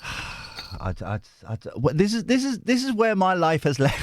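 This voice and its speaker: A man's voice: high voice, very animated, takes it slowly, pauses often, dry recording, studio quality. A British man hosting his tarot channel, chatting casually to viewers in a jokey, rambling way that keeps breaking off and restarting. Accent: British English. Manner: chatty, jokey, self-interrupting and digressive. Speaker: tarot reader and channel host.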